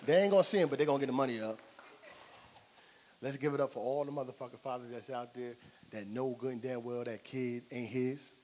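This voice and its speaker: A man doing a profane stand-up comedy set, loud and animated, telling stories on a comedy club stage. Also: medium pitch, a little fast. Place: comedy club stage before a live audience. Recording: live room with long reverb, crowd noise.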